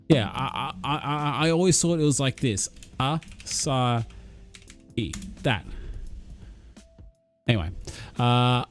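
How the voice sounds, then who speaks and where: A man hosts a relaxed live-chat stream, reading out his viewers' messages. He talks at an ordinary pitch and encourages each viewer, while soft music plays quietly in the background. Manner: reads out viewer comments and cheers viewers on. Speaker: livestream host.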